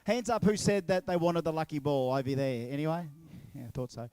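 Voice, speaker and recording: An Australian man emceeing at an outdoor racetrack, joking and teasing the crowd. His voice sits fairly high, and the sound is dry and close. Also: expressive, a little fast, a little mellow, clear, resonant tone, dry recording. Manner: jokey, playful, teasing. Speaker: event MC. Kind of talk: crowd banter at a live event. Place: outdoor drag racing track.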